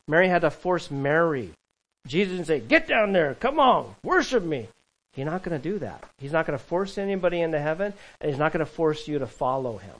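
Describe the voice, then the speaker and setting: A man preaching a sermon as pastor, swinging from loud, emphatic calls to quiet asides and chuckling between points. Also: fairly high pitch, low-quality recording.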